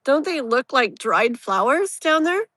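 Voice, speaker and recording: A woman with a bright, forward voice that sits a little high. She hosts a live tarot reading in a loose, rambling way, full of fillers and open feeling. The sound is dry and close. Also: sing-song, unhurried, no room sound. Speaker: tarot reader, live stream host.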